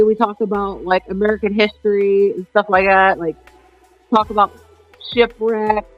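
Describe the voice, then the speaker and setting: A woman's voice: medium pitch, no echo, highs cut off. A woman hosting a casual livestream chat with her viewers. Her throat is sore and scratchy, and she swears freely and blows kisses to the chat. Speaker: livestream host.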